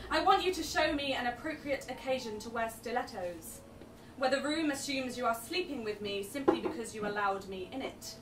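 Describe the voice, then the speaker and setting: A young woman reads her poems to a live crowd, introducing each with wry, self-deprecating banter. Her voice sits a little high and carries the reverb of an echoey venue. She is picked up from a distance, with steady background noise in the room. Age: young adult. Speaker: poet. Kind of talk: live spoken word performance.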